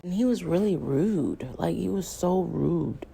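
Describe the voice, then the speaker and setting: Gravelly low-voiced woman hosting reactions. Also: a little slow, a little hiss or hum. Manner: drawling, gravelly, lively pitch. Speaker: reaction video host. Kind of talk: casual reaction commentary.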